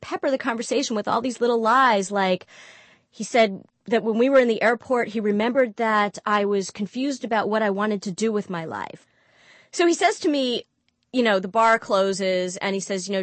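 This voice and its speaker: A woman telling a personal story in an interview, candid and animated, acting out the dialogue she quotes. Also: mid-range voice, moderate pace, no room sound. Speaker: guest storyteller.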